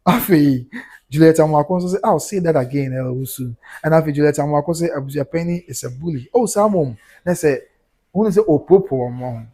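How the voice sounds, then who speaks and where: A man's voice: a little high, quick pace, warm tone. A Ghanaian man hosting a livestream, reading out viewer comments and reacting to them in a mix of Twi and English.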